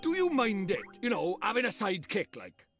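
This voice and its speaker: A man's voice: high-pitched, very animated, brisk, fairly bright tone, pitched above the performer's own voice, exaggerated voice. A man voicing a cheeky, fussy male fairy sidekick with a sing-song, chattering manner. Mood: sulky. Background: game music.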